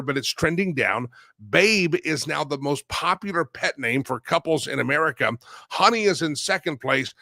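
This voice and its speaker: Male talk host, bright, fairly high voice, chatty with lots of fillers, dry close sound. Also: dry recording. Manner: chatty, loose, many fillers. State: coughing. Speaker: radio show host. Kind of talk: casual talk show monologue.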